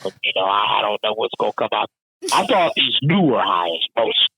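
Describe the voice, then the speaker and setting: A man's voice: lowish voice, normal speed, vocal fry, breathy edge, rough recording. A man guest on a casual podcast, telling a profane work story and laughing along as he tells it. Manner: profane, animated, laughing at his own story.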